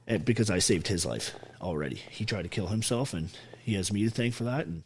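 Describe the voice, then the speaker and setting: A husky, fairly low voice, expressive and fairly quick, belongs to an army veteran sharing his story as a podcast guest. He swears heavily, speaks bluntly and voices the quoted lines of others in this emotional account.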